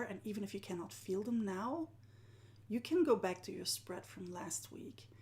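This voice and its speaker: A woman, a live-streaming art journaling teacher who often sinks into a soft whisper and laughs at herself. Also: medium pitch. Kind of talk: live-stream talk to viewers.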